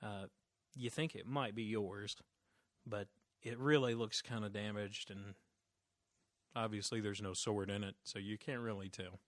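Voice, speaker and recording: A man narrating a tabletop game as game master, relaxed, with many fillers and restarts. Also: fairly low pitch, a little slow, no room sound, studio quality.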